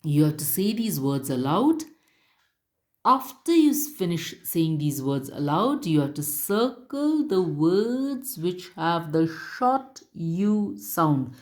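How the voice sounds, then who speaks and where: A woman teaching young children in a recorded lesson, speaking very slowly and deliberately. Her voice sits low but swings widely in pitch. She spells words out letter by letter and patiently repeats each instruction. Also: big pitch swings, darkish tone.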